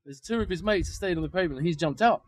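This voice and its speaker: A man, co-hosting a podcast and animatedly telling a story outdoors, swearing freely and acting out shouted lines. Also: high voice, racing. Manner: animated, swears a lot, acts out shouted quotes. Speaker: podcast co-host. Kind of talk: casual storytelling. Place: outdoors on location.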